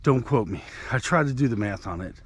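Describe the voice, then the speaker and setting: A man's voice: mid-range voice, animated, a little fast, husky. A man vlogging outdoors on a country walk, telling a rambling, conversational story to his viewers. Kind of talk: casual storytelling while walking.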